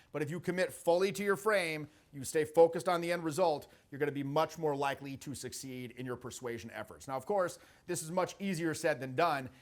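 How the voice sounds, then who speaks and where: A middle-aged man coaching social skills in a brash, profane way, acting out sample lines as he goes. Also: on the high side. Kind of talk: casual coaching talk.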